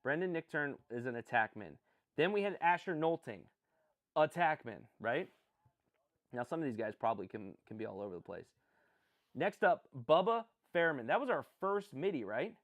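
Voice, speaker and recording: Speaking at an ordinary pace, this man has a fairly high, sing-song delivery. As host of a laid-back live stream, he reacts to picks, rambles, cracks self-deprecating jokes, and answers his viewers.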